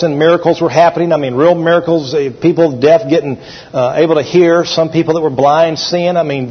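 A man's voice: fairly high pitch, husky. A man preaching a sermon in a folksy storytelling manner with fillers. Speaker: pastor. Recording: echoey hall, dull sound.

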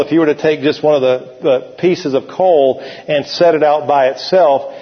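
A man preaching in a church sanctuary, his voice slightly high and a little husky. His delivery is folksy and animated, and he leads the congregation in call-and-response. The lo-fi recording carries a long hall reverb. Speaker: pastor. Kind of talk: sermon.

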